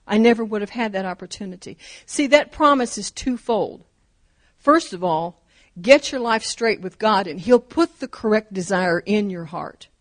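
Fervent woman preaching, emphatic repeats. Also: medium pitch. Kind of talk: sermon.

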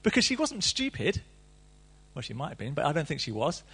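Male preacher, middle-aged, husky, lively sermon delivery with playful asides. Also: fairly high pitch, fairly quick. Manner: reads scripture then riffs animatedly, playful asides.

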